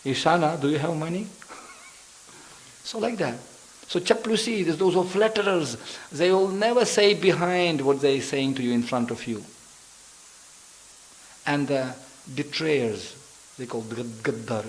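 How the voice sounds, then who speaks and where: Speaking at a measured pace with long pauses, this fairly high-voiced visiting preacher tells animated stories during a temple-hall sermon, playing characters and laughing frequently. The low-quality recording carries a slight hiss or hum.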